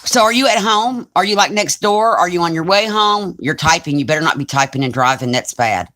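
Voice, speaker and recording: A woman's voice: on the low side, animated, fairly quick, fairly bright tone. A woman in her forties with a Southern US accent, chatting casually on a crafting live stream and reading comments aloud. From Alabama, US. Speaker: crafting channel host.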